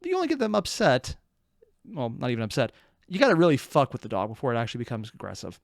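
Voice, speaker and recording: A man giving casual reaction commentary in a chatty way, with animated outbursts. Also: mid-range voice, fast talker, gravelly, no echo, studio quality. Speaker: reaction video host.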